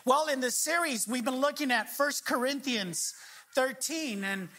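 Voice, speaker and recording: A woman pastor delivers a sermon in a high, ringing voice. She preaches emphatically and slows down to press home key phrases. She often leaves a line open for the congregation to complete. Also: bright, forceful tone.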